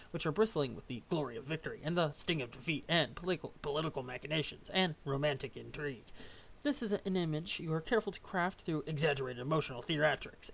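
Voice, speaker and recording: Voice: medium pitch, gravelly, a little hiss or hum. Casual webcomic reader full of asides. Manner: reads with stumbles, asides and laughs. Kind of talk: casual read-aloud of a webcomic.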